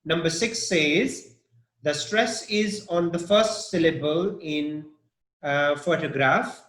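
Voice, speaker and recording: A man teaching an English pronunciation lesson, talking haltingly with many fillers and "okay?" checks. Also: fairly high pitch, fairly bright tone, roomy sound.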